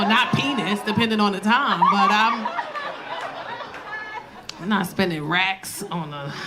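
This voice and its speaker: A woman in her forties doing a stand-up comedy set, telling stories in a brash, profane style and laughing often. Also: mid-range voice.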